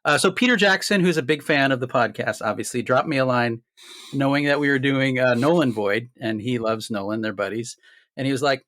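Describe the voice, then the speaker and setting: A man's voice: mid-range voice, moderate pace, a bit bright, no room sound. A man cohosting a film podcast, chatting casually and reading a comic synopsis in a jokey, rambling way full of fillers.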